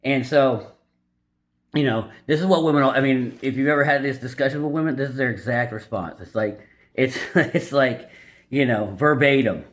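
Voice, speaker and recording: This male host has a mid-range, slightly bright voice and a moderate pace. In his video he casually summarizes a dating-advice book without a script, offering blunt opinions while rambling, with frequent fillers and restarts.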